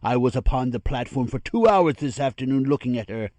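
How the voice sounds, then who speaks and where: An actor playing a loud, blustering older naval father in an audiobook dramatization, boisterous and swearing eagerly. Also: mid-range voice, lively intonation, fairly quick, no echo, lightly acted.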